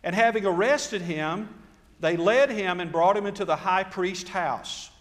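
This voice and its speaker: A man's voice: high-pitched, measured pace, long reverb tail. A man preaching a sermon, telling the story dramatically and acting out the quotes. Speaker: pastor.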